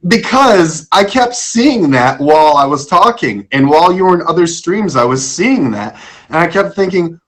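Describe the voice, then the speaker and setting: A man's voice: a little high, lively intonation, normal speed, a bit bright. Jokey young male live-stream host. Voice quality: voice cracking. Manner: jokey, self-deprecating, stumbles over words. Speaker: talk show host. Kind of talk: casual live-stream talk show.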